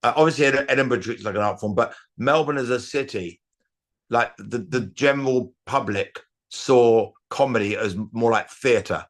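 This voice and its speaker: A middle-aged comedian telling rambling anecdotes in a casual interview, with restarts and acted-out quotes. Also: male voice, medium pitch, normal speed. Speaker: comedian guest.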